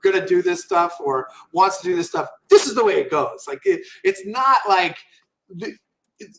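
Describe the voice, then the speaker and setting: A man with a fairly high voice tells stories as a podcast guest. His delivery is animated and profane, full of "like" and "right?" asides. His tone has a bright, forceful edge. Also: moderate pace, slight background noise. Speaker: guest entrepreneur. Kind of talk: casual storytelling interview.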